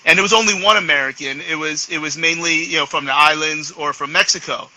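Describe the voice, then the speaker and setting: A middle-aged man with a New York accent hosting a casual live chat, talking haltingly with many restarts and slipping into Spanish. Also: a little high, sharp tone, no room sound, poor audio. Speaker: host.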